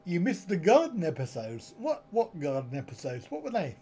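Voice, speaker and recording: A man's voice: on the high side, wildly swooping pitch, moderate pace, dark tone, breathy edge. A middle-aged man, hosting a casual live stream with jokey, chuckling banter from home. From United Kingdom.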